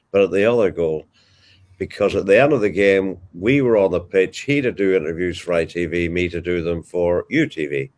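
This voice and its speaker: Older Northern Irish man, deep voice, animated anecdotal storyteller. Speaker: interviewee, veteran sports commentator.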